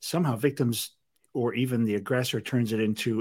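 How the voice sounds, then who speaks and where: A man of ordinary pitch hosts a mental-health podcast in a relaxed, conversational style. He thinks out loud. His sentences break off and restart around fillers. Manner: musing, halting, many fillers and self-corrections. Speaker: podcast host. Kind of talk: casual interview conversation.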